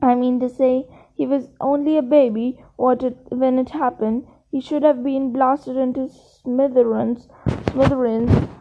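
A woman's voice: steady tone, measured pace. A woman reading as a solemn stout schoolboy. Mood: hushed. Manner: solemn, gossiping in low tones. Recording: tinny phone-like sound.

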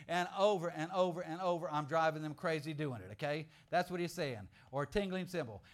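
A middle-aged man preaching a sermon in an animated, joking way, moving from quiet asides to loud outbursts. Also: high voice.

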